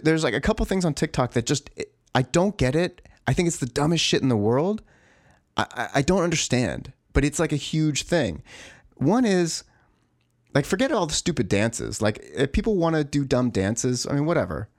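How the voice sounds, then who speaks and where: Man, mid-pitch, dry close mic, exasperated rambling rant, heavy swearing. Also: big pitch swings, normal speed, dry recording. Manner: profane, exasperated, rambling with restarts. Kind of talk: ranting monologue.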